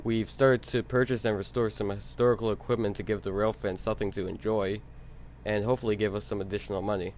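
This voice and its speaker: A man playing a businesslike male railroad manager who briskly gives orders to his crew. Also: on the low side, flat delivery, darkish tone, natural voice.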